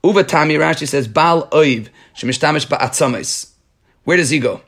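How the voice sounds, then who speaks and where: A man's voice: fairly high pitch, moderate pace, a bit bright, husky. Man working through a Talmud page. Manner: reads Aramaic aloud, then explains in English with frequent restarts. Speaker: Talmud teacher. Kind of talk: reading and explaining a Talmud page.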